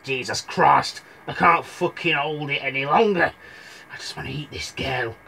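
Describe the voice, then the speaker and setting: A man doing a gruff, crude Big Bad Wolf. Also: a little high, moderate pace, pushed and bright, full character voice. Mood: exasperated.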